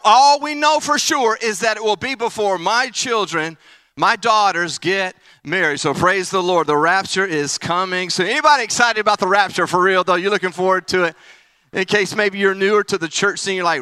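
A man preaching an energetic, playful sermon at a camp meeting, swinging from excited calls to the crowd to hushed, earnest reflection. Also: high-pitched, normal speed, smooth, dry recording.

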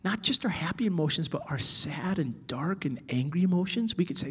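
A man teaching church workers about children's ministry, animated, swinging from loud emphasis to soft whispers. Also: fairly high pitch, fairly quick, few pauses, husky.

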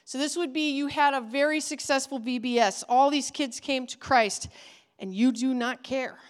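A woman's voice: high-pitched, moderate pace. A woman giving an earnest, emphatic teaching talk to children's pastors in a conversational way. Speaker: ministry trainer for children's pastors.

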